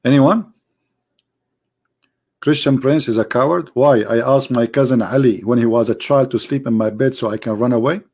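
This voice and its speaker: Arabic-accented guy hosting a live stream, mocking and sarcastic, lots of rhetorical questions, mid pitch. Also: moderate pace, darkish tone, husky. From Arab world. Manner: loose, broken grammar with many "like" and "brother". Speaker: host of a live debate stream. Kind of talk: casual live-stream talk.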